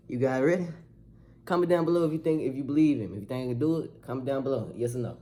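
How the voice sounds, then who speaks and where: A man's voice: medium pitch, fairly quick, warm tone. A young man doing a food eating challenge vlog, talking in slang and cursing. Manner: slangy, hyped then frustrated, swears. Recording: music playing behind.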